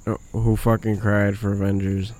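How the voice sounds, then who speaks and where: A man's voice: fairly low pitch, little pitch movement, moderate pace, darkish tone. Joking, profane man chatting on a podcast. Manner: joking, profane, explains things to listeners. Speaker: podcast co-host. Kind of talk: casual chat.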